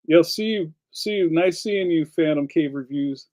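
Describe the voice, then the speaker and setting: The man's voice is a bit high and darkish, at normal speed, and the streaming-setup recording is rough. He's from Philadelphia and hosts a casual live stream, jumping between topics and answering viewer comments.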